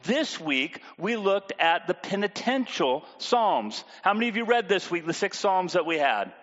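A man's voice: high voice, big pitch swings, normal speed, fairly bright tone, big-room sound, highs cut off. A man preaching a sermon in a conversational way, often asking the congregation questions. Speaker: pastor.

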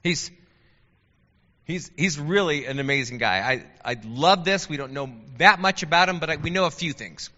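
A man teaching a Bible class in a chatty, animated way, asking his listeners questions. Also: on the high side, normal speed. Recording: dull lo-fi sound with long hall reverb.

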